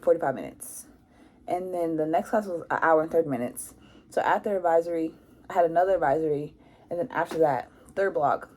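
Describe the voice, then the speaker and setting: A young woman tells a casual storytime from her school days. She talks in an animated way, acting out what people said and filling her lines with "like". Her voice sits on the low side and sounds warm and mellow. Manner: animated, acts out quotes with lots of "like". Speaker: vlogger.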